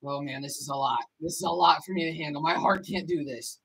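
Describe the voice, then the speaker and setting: A man streaming a live hockey watch-along, anxious and excitable, repeating the same phrases over and over. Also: fairly high pitch, fairly quick, creaky, slight background noise, rough recording. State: out of breath. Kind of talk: live reaction commentary.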